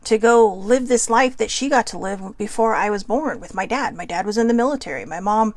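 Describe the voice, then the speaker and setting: A woman's voice: medium pitch, a little fast, no echo. A middle-aged woman hosting a personal reflection show, talking in an earnest, musing way that keeps asking herself questions, her voice a little shaky from incense smoke. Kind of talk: casual reflective monologue.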